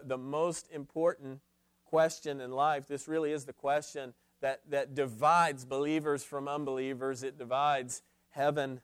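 A man's voice: on the high side, clean tone, no echo, clean studio sound. A man giving an earnest, emphatic Bible lesson to a class, posing questions to his listeners. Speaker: Bible teacher. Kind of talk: expository Bible teaching.

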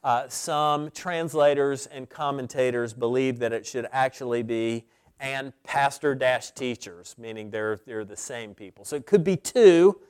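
A man preaching a sermon as pastor, teaching deliberately and stressing key words with pauses. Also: mid-range voice, smooth.

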